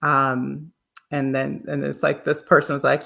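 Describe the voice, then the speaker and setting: Deep, gravelly-voiced chatty woman. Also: flat delivery, a little slow, a bit bright. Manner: chatty, musing, many fillers. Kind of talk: casual conversation.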